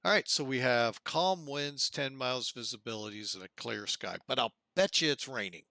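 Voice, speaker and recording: A man's voice: mid-range voice, normal speed, creaky, bright, forceful tone, no echo. A man casually narrating a flight simulator session on a live stream, chatting to viewers as folks.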